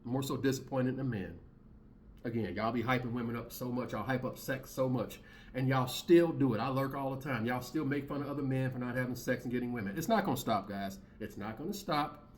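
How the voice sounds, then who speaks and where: A man's voice: medium pitch, fairly quick, a little hiss or hum. A man in his thirties hosting his own commentary channel, talking in a blunt, heated, slangy rant and repeating his points.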